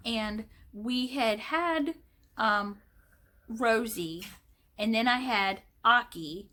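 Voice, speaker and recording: A woman vlogger telling a personal story in a slow, emotional, rambling way, with many fillers and restarts. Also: on the high side, sharp tone.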